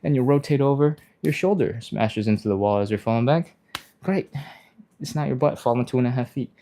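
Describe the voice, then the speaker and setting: Mellow-voiced man leading a stretch class. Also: fairly quick. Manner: casual, chatty, explains step by step, laughs often; acts out panicky inner voices in a high yelp. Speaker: stretching instructor, live stream host. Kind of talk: live-streamed workout instruction, reading chat.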